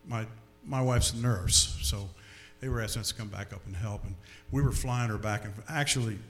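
A man giving a storytelling testimony before an audience, animated and often repeating his words. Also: lowish voice, moderate pace, soft background music. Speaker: speaker giving a personal testimony.

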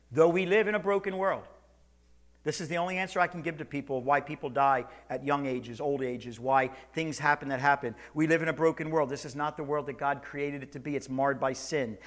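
A man preaching a sermon to his church, swinging between loud calls and quiet, slow lines. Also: a little high. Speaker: pastor. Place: church sanctuary, also streamed online.

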